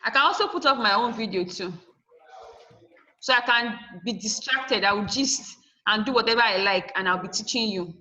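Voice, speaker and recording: Woman teacher, bright voice, firm, slightly high, video call lesson. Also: moderate pace, highs cut off. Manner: firm, instructive, spelling out endings letter by letter. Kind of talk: online class lesson.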